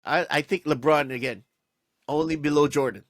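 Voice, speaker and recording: Guy on a basketball podcast going off, kinda high voice, keeps restarting, super dry sound. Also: normal speed, dry recording. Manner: animated, exasperated ranting with many restarts. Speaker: podcast co-host. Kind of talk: casual sports podcast chat.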